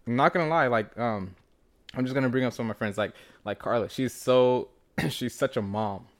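A man's voice: medium pitch, moderate pace. Laid-back young man chatting casually. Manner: laid-back, many fillers and restarts. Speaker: podcast guest. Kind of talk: casual chat.

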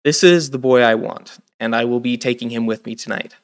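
A man's voice: mid-range voice, a little fast, smooth, natural voice. A man voicing an old, aloof cloaked male stranger who speaks tersely. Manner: terse, curt.

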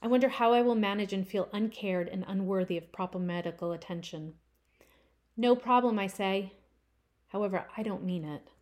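A woman reading her own first-person short story aloud, with expressive swells on key phrases. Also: medium pitch, brisk.

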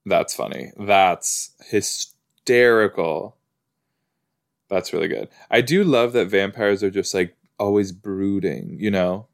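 A gravelly, low-voiced man hosts a podcast, loosely chatting while a TV episode plays. His rambling is full of "like" and "you know."

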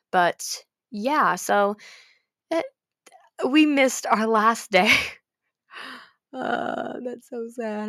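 A woman's voice: mid-range voice, no room sound, studio quality. Young woman telling a joking story. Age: young adult. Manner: animated, joking, swears freely, slang-heavy. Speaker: podcast host. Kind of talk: casual storytelling monologue.

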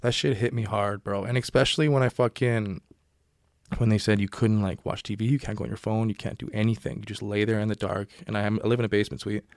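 A man's voice: on the low side, fast talker, gravelly, no echo, clean studio sound. A young man hosting a podcast, telling a long story in a casual, profane, rambling way and acting out his own past words. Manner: profane, rambling, animated when quoting himself. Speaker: podcast host and football player.

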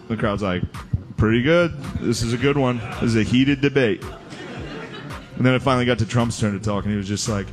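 A man's voice: medium pitch, fairly quick, long pauses, music in the background. Profane, laughing male comic storyteller. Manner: animated, laughing, profane, acts out quoted voices. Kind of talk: stand-up storytelling.

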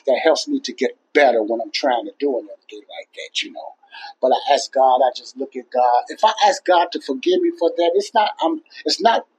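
A man hosts a casual Christian talk show, addressing listeners about faith in an earnest, plainspoken manner while rambling and repeating himself. His voice is mid-range, husky and fairly quick, and the audio is poor.

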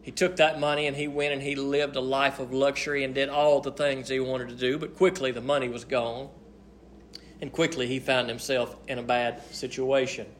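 A man preaching a sermon at a church service, emphatic, with repeated phrases and swings from loud to hushed. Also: mid-range voice, flat delivery, moderate pace, slight background noise.

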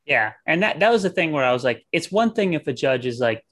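A man's voice: medium pitch, fairly quick, hardly any pauses, fairly bright tone. A man co-hosting a podcast, chatting casually about a film, laid-back and laughing often as he retells scenes. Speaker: podcast co-host.

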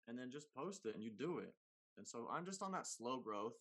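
Animated slangy man, casual chat. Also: a little fast. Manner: animated, slangy, big swings in pitch and loudness. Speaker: comedy content creator guest.

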